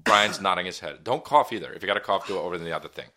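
A man's voice: low-pitched, very fast, a crowd in the background. A man in his thirties from New Jersey, co-hosting a comedy podcast, bossy and mock-indignant as he shushes the others. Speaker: podcast co-host.

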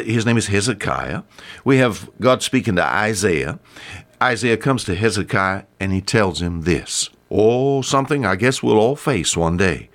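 A man, preaching a short folksy radio devotional that climbs high when he pleads. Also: a bit bright.

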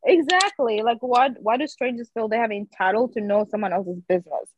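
A woman's voice: on the high side, brisk, dry recording, dull audio. A woman, a podcast guest, talking earnestly in casual chat and often saying "you know".

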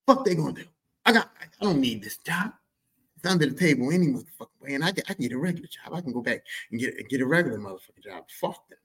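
A man hosting a podcast, telling comedic stories about his family in a profane, rambling, animated way. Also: medium pitch, quick pace, slightly rough. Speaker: podcast host. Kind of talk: comedic personal storytelling.

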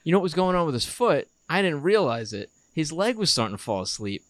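A man's voice: fairly high pitch, big pitch swings, fast, a bit bright, no echo. Man, thirties, podcast co-host, casual storytelling, acts out quotes, dry close mic.

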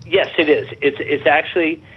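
A man's voice: a little high, moderate pace, slight background noise. A man telling a long personal story as a guest on a radio talk show. He rambles, stumbles and repeats himself, and gets worked up as he goes. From Arizona, USA. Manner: rambling, repeats words and restarts, grows excited. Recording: tinny phone line.

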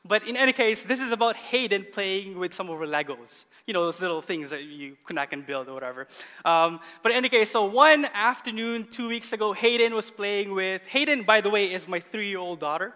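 A man in his thirties preaching a sermon as pastor, animated and often laughing as he tells a story. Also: high voice, fairly quick. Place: church hall. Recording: long church hall reverb.

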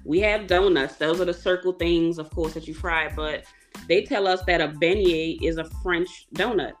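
An American woman hosts a casual podcast interview, with a somewhat low voice. She asks friendly, curious questions in an easy conversational way. Faint music sits under her voice. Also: normal speed. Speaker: podcast host.

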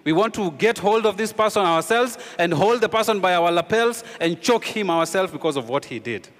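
Male pastor, sermon delivery, emphatic and questioning, softens for key lines; higher-set voice, lingering hall reverb. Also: animated, a little fast. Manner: emphatic preaching with rhetorical questions, dropping low and quiet for key points.

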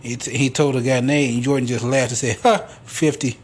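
A husky man hosts a podcast alone and talks in a loose, rambling way. His stories come out casual and full of profanity. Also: medium pitch, little pitch movement, fast talker. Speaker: podcast host. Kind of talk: casual solo monologue.

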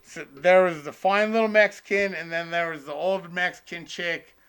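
A man's voice: high voice, steady tone, moderate pace, a bit bright, clear, resonant tone. A man chatting casually as a stand-up comedian, telling stories with lots of profanity. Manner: profane, storytelling. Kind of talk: casual chat.

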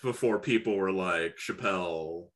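A man's voice: lowish voice, measured pace, fairly bright tone, a little hiss or hum. A man co-hosting a casual chat over a video call, who laughs a lot. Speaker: podcast co-host. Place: home, remote video call.

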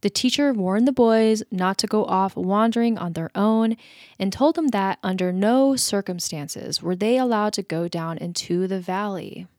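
A woman's voice: mid-range voice, moderate pace, darkish tone, dry recording. An American woman with a mid-range voice co-hosts a podcast, bantering playfully and reading creepy stories. The sound is close and dry. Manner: laughs easily, playful. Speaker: podcast co-host. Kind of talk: casual chat and story reading.

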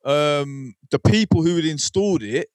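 A man's voice: on the high side, animated, normal speed, a little mellow, no echo. A man, telling sweary stories in casual podcast chat and acting out the people he quotes. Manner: sweary storytelling, acts out quoted voices. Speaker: podcast co-host.

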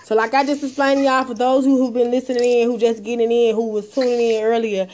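A woman hosting a live audio show, telling a story casually, profane and animated, acting out the dialogue. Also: on the high side, fast talker, a little hiss or hum.

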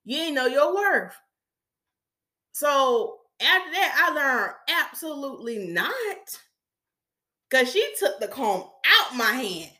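A woman hair stylist hosting a podcast, telling stories about her clients in a casual, animated way and acting out their voices. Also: high voice, slow pace. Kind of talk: storytelling podcast talk.

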